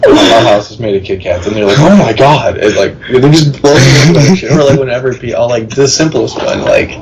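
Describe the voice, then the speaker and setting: A man's voice: medium pitch, quick pace, crowd noise, poor audio. A young man co-hosting a casual podcast, rambling through anecdotes and filling them with "like". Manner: rambling storyteller, lots of "like". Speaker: podcast co-host. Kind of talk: casual chat.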